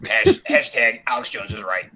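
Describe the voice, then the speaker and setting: A man on a group podcast making deadpan, sarcastic jokes. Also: on the low side, moderate pace, poor audio. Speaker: podcast co-host. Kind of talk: casual group chat.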